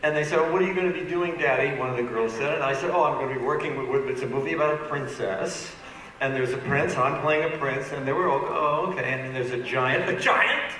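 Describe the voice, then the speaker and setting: A man telling a lively anecdote on a fan convention panel, acting out the other people in the story as he goes. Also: medium pitch, quick pace, crowd noise. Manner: lively storyteller, acts out voices. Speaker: panel guest actor. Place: large convention hall. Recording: echoey convention hall, distant mic, noisy.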